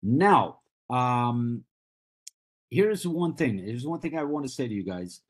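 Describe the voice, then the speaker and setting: A man from Colombia, a native Spanish speaker with a Colombian accent, teaching an English class in a deliberate way and repeating his example questions. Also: medium pitch, expressive. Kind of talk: online class lecture.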